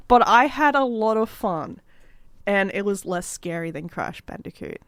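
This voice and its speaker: A young woman co-hosting a radio show, telling stories in an animated way and laughing often in casual chat. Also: mid-range voice, a little slow, dry recording.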